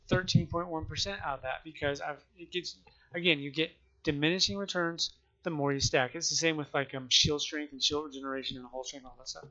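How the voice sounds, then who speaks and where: A man with the hiccups explaining gameplay in a rambling, halting way, often restarting and correcting himself. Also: a little high, steady tone, sharp tone. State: has the hiccups. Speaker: gaming video creator. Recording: muffled lo-fi mic.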